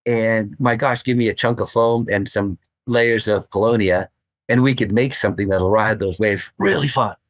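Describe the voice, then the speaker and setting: An older man speaks as a guest in a podcast interview, with a fairly low voice. He talks with rambling enthusiasm and often repeats words as he goes. The recording is close and dry. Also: normal speed, dry recording. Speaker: guest, surfboard craftsman.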